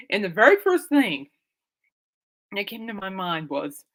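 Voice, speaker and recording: A woman's voice: mid-range voice, very animated, a little slow, a bit bright. A young woman telling a rambling, laugh-filled story as host of her own show, acting out what people said. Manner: rambling, laughing often, acts out quotes. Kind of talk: casual storytelling chat.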